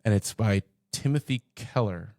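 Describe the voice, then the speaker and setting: Mellow-voiced man chatting about scripture. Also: normal speed, dry recording, studio quality. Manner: animated, jumps into high pitch for jokes and read-outs. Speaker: pastor. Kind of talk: casual conversational Bible discussion.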